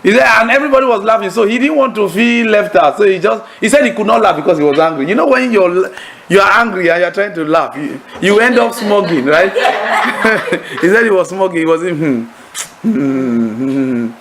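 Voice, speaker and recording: High, gravelly-voiced preacher man. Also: brisk, few pauses, poor audio. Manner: animated storytelling, acting out laughter; asks the audience leading questions. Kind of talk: sermon-style teaching to a congregation. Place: Bible study class room.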